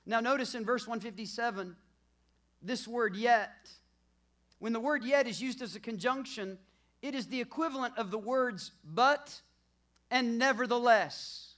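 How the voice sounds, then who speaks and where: Bright-voiced pastor preaching emphatically. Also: mid-range voice, unhurried. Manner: emphatic preaching, repeats lines with rising force. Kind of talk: sermon with church announcements.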